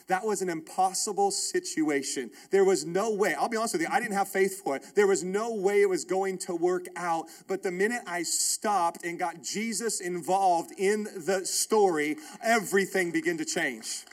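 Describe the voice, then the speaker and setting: High-voiced man preaching a story sermon. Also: normal speed, few pauses. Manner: animated, emphatic storytelling with repeated phrases. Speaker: pastor.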